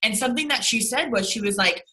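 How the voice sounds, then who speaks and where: A woman's voice: fairly high pitch, fast, bright, forceful tone, low-quality recording. A young woman leading her sales team over a video call, blunt and rambling, with lots of swearing and fillers.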